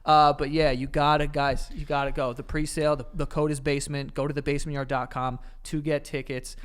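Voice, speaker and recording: Higher-voiced man cohosting a podcast. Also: little pitch movement, a little fast, clear, resonant tone. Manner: profane, joking, laughs often. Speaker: podcast co-host. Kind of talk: casual chat.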